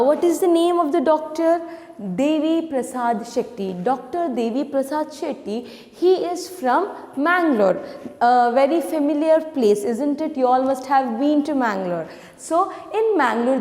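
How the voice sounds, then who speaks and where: A high-pitched woman teacher with an Indian accent leads an online class for young pupils. She repeats key words slowly and asks the children questions, with many little fillers. Her voice rings in a roomy space with a long, trailing reverb. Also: darkish tone. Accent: Indian English. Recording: echoey room with long reverb.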